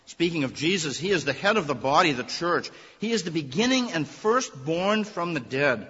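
A man's voice: fairly high pitch, sing-song, normal speed, few pauses, bright, forceful tone, breathy edge. A man preaching a sermon to his congregation, earnest and emphatic, stressing key words. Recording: long reverb, muffled lo-fi sound.

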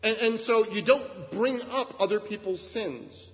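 A male pastor preaching a sermon in a conversational way, often checking in with listeners with a quick "right?" and leaning hard on key words. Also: sits high. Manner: conversational, frequent "right?" asides, lively shifts in emphasis. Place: church sanctuary. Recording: long reverb of a church hall.

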